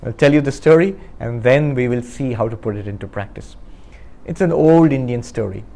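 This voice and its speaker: A man giving a spiritual talk to a live audience, telling a story and acting out its characters with lively shifts of voice. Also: medium pitch, moderate pace, gravelly. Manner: asks the audience questions. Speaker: spiritual teacher.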